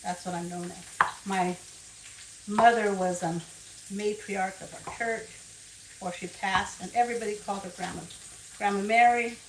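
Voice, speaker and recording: Cooking in her home kitchen, an older host with a mid-range voice talks in a steady tone at a moderate pace, leaving long pauses. She chats casually and wanders into family stories. Food sizzles and fries in the background, and the recording is echoey, captured by a distant mic.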